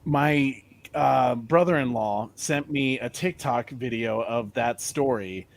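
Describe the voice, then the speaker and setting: A man's voice: medium pitch, slow pace, gravelly, a little hiss or hum. A man co-hosting a live stream, joking and speaking emphatically about films. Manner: emphatic, jokey. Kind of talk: casual live-stream chat.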